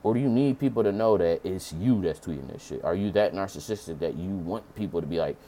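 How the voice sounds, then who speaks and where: Deep-voiced man ranting with profanity. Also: quick pace. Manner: profane, animated, mocking falsetto impressions. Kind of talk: ranting commentary.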